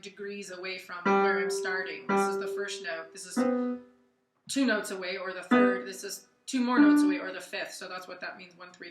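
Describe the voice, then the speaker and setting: A woman of middle pitch teaches singing in a relaxed, chatty way, with plenty of fillers. Her voice sits in a roomy space, and a loud piano plays chords behind her. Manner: relaxed and chatty, many fillers, breaks into sung scales. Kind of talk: casual vocal lesson with sung warm-ups.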